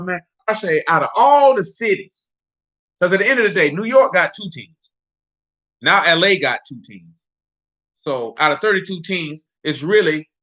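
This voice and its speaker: Animated preacher man, lo-fi sound. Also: high voice. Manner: animated, jokey asides and rhetorical questions. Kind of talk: casual street-talk sermon. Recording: dull lo-fi recording.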